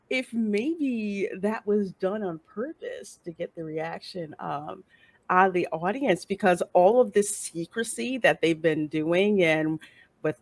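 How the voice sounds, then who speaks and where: A woman with a mid-range voice hosts a casual show, speaking unhurriedly with no echo. She chats animatedly while reviewing a TV episode, acting out how the audience reacts.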